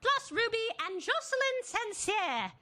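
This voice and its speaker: An excitable alien time-traveller, a man who calls out to everyone in a high, lively voice, as a woman podcaster puts him on. He bounces through his announcements, recorded dry and close. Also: unhurried, no echo, exaggerated voice. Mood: excited.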